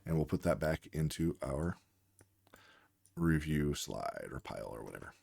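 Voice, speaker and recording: A man's voice: rumbling low, animated, moderate pace, creaky, a little mellow, husky, dry recording. A man working as a reading tutor, patiently explaining word spellings while acting out both teacher and student. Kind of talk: instructional demonstration.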